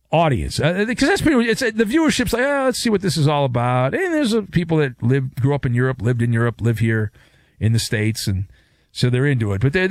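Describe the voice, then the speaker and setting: A man's voice: medium pitch, no echo, clean studio sound. A man hosting a sports talk radio show, giving a sarcastic, wisecracking monologue.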